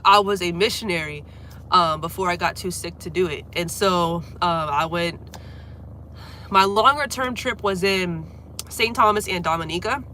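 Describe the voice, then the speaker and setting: A young woman, a livestreamer and singer, chats casually from home while fighting a cold, congested and coughing and apologizing for it. Her lowish voice sounds pushed and bright, with slight background noise.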